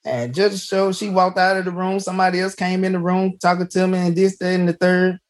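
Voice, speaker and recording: A man hosts a podcast in a casual, folksy storytelling way. His voice sits a little higher than most men's. He keeps saying "hey" and restarts his sentences. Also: fairly even intonation, a little fast. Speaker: podcast host.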